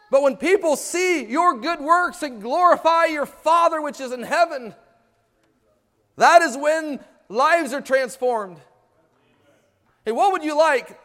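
A man preaching in a very high voice, full of passion and rhetorical questions to his congregation. He swings from loud pleading to quiet, intimate asides. The sound rings with the long reverb of a church hall. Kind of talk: sermon.

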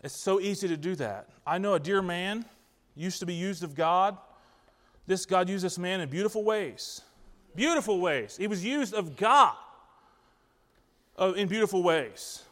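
A man with a high voice preaches to a congregation, earnestly asking the pews for answers. His voice carries through a church hall with a long, trailing reverb. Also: expressive, a little slow, pauses often, a bit bright. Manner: asks the congregation questions, earnest. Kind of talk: interactive sermon. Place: church sanctuary.

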